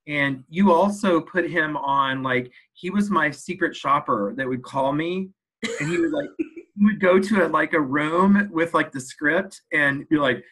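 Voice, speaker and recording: A man with a slightly raised voice talks in a relaxed interview, full of laughter and quick impressions of old coworkers. He tells stories with bounce and energy. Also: on the high side, slightly rough, poor audio. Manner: animated storyteller, laughs often, mimics voices. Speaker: hotel sales leader, podcast guest. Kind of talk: casual interview chat.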